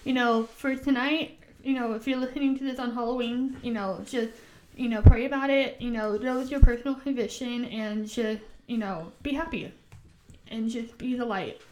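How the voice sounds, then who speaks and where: A woman's voice: a little high, steady tone, moderate pace, a little mellow, slight background noise. A woman from the United States co-hosting a casual podcast, talking earnestly and with emphasis, with frequent "like" and "you know" fillers. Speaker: podcast co-host.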